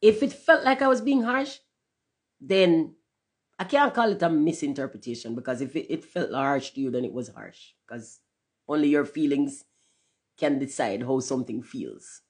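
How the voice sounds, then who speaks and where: A woman's voice: normal speed, breathy edge. A woman talking candidly to her viewers in a casual livestream monologue, cursing freely and slipping into patois. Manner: candid, profane, swings between loud emphasis and low murmurs; drifts into patois phrasing. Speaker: channel host.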